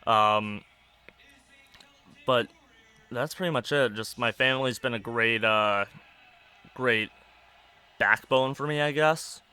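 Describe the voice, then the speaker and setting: A young man hosting a podcast, rambling casually in a monotone with many fillers while sounding stressed. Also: medium pitch, takes it slowly, pauses often, clean tone. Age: young adult. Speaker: podcast host. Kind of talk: casual personal rambling over a wrestling match.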